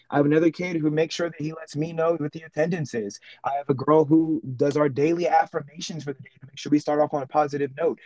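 A man's voice: on the high side, dry recording, rough recording. A man who is a teacher, chatting on a podcast and acting out classroom exchanges as he tells stories. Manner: animated storyteller, acts out classroom exchanges. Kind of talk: casual podcast chat.

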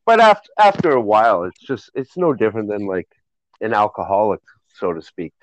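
A man's voice: lowish voice, sing-song, a little fast, dry recording. A man chatting casually, rambling and laughing often at his own jokes. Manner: giggly, laughs often, rambling stoner banter. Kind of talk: casual chat. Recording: dull, muffled dry sound.

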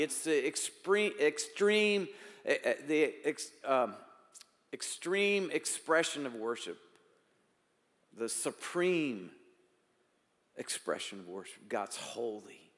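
A man preaching a sermon as pastor, shifting between emphatic raised lines and quiet asides. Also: a little high, expressive, slow, big-room sound.

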